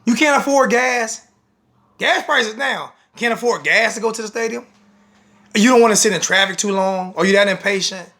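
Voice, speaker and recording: A man's voice: high voice, moderate pace, bright, forceful tone. A man with a blunt, scolding manner, ranting to the camera as a sports fan vlogger.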